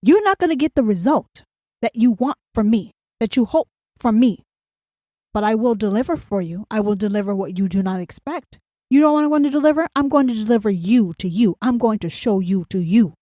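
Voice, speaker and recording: A fairly high-pitched woman hosting a solo podcast in a dry, close recording. She speaks bluntly and profanely and keeps hammering her points with questions. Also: expressive, fairly quick, mellow, no room sound. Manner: blunt, profane and emphatic, with repeated rhetorical questions. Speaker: podcast host.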